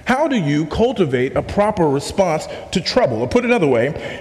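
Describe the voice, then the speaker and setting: A man's voice: on the high side, big pitch swings, moderate pace, few pauses, darkish tone, big-room sound. A pastor preaching a sermon to his congregation, emphatic, repeating key questions and asking the room to respond.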